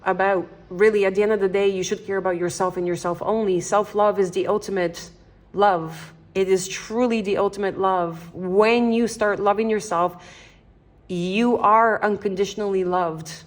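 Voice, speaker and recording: Speaking straight to the viewer, a young Canadian tarot reader keeps her casual reading gentle and encouraging. She frequently starts sentences over as she thinks aloud. Her mid-range voice moves at a normal pace with fairly even intonation.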